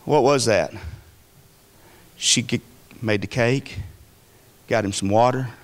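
A man preaching a sermon as pastor, folksy and emphatic, with wide swings of pitch and volume. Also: slow pace.

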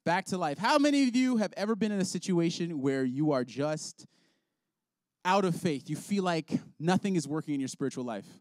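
A playful man runs a hands-on faith lesson for children and laughs easily with his young volunteers. His voice sits fairly high. The sound is dry, with little room echo. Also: expressive, moderate pace. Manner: upbeat, playful, laughs often. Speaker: children's ministry leader. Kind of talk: object lesson for kids.

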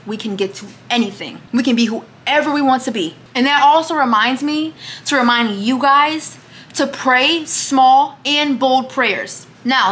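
A young woman with a drawl chatting casually at home for her vlog, lively and teasing, often calling people baby. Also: on the high side. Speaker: vlogger. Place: home kitchen.

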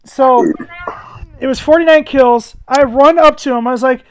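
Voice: sits high, normal speed. A channel host giving casual gaming commentary, joking and laughing often with friends.

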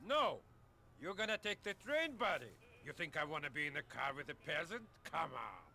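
A man's voice: on the high side, big pitch swings, moderate pace, gravelly, sharp tone, slight background noise, heavily acted. An actor playing a mocking male crime boss in a video game, sneering and condescending as he hands out a job.

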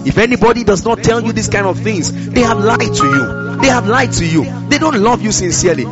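Lively, fast-preaching male pastor. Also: high voice, dull audio, loud music behind the voice. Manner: emphatic preaching, repeating phrases, calling out to the congregation. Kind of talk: sermon. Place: church service.

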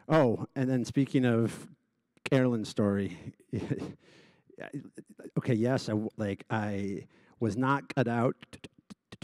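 A man's voice: medium pitch, a little mellow, dry recording. A man who stutters openly, with repeated sounds and restarts, gives a personal speech as an honoree before a live audience. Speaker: gala honoree giving a speech.

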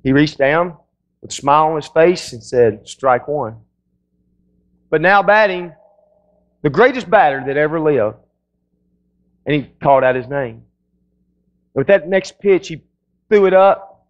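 Folksy storytelling male pastor, higher voice. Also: animated, a little slow, pauses often, dull audio. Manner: folksy, storytelling, many restarts. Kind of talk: sermon.

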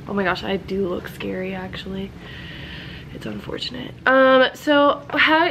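A woman's voice: high-pitched, flat delivery, normal speed, fairly bright tone, slight background noise, rough recording. Congested young woman vlogging. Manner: chatty, bubbly, lots of "like". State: stuffed up, congested. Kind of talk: casual vlog chat.

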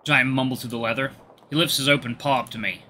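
Bright-voiced man reading a game story. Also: mid-range voice, quick pace, slight background noise. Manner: relaxed, chatty asides. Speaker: gaming video host. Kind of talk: reading a visual novel aloud.

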